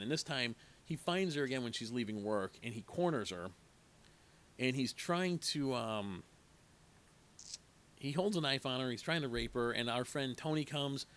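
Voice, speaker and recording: A man's voice: mid-range voice, a bit bright. A man casually retelling the plot of an eighties horror movie, rambling with asides and acting out the characters' lines. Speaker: movie reviewer.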